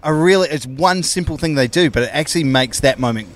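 A man's voice: a little high, fast. A man co-hosting a podcast, chatting casually and enthusiastically about films and swearing freely. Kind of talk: casual film discussion.

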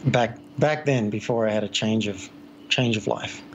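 A man's voice: lowish voice, normal speed, highs cut off, slight background noise. A man from Australia whose accent is blended with American, a coach talking through his story easily as a podcast guest. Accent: Australian mixed with American. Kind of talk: conversational podcast interview.

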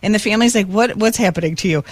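A woman co-hosting a casual talk show from her basement studio, telling a story animatedly and laughing often, her voice jumping high. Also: racing, no room sound. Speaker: co-host. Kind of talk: casual chat.

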